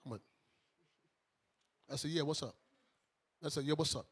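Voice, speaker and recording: A bishop and radio show host from Brooklyn, speaking at a normal pace in a slightly high, husky voice, tells a story to friends in the studio. He's animated in this casual talk, acting out every voice on both sides.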